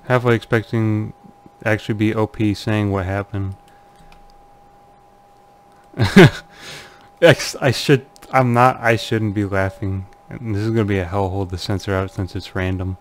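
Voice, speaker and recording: A man's voice: fairly low pitch, fairly even intonation, normal speed, slight background noise. A man casually commenting on forum posts he reads aloud, laughing nervously and muttering uneasily. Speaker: channel host.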